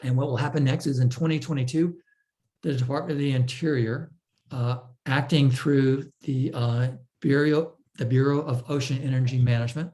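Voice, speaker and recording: A man presenting a technical talk, explaining step by step in a measured way with frequent fillers and restarts. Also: mid-range voice, fairly even intonation, mellow. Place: online talk.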